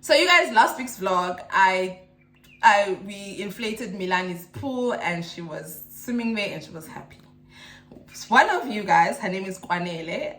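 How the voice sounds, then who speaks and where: A woman's voice: fairly high pitch, expressive, moderate pace, fairly bright tone, reverberant. A South African woman in her thirties, a mother vlogging in a chatty, emotional, rambling way. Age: 30s. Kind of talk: casual chat to camera.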